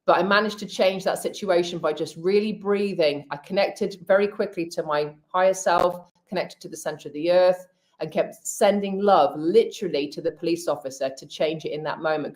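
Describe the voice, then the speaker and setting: A woman guest, telling a personal story in casual chat, animated and expressive with quick restarts. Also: on the low side. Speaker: guest speaker.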